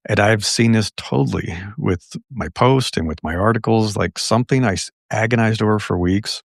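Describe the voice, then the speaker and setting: A middle-aged man with a very low, gravelly and husky voice. He talks reflectively in a podcast conversation and leans on anecdotes and quotes. The sound is dry and close. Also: moderate pace, no room sound. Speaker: podcast guest. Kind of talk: casual conversation.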